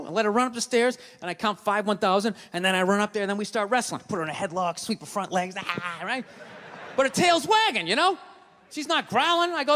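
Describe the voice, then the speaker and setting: A man doing a stand-up comedy routine, ranting loudly, swearing and acting out voices in his stories. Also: sits high, fast, big-room sound.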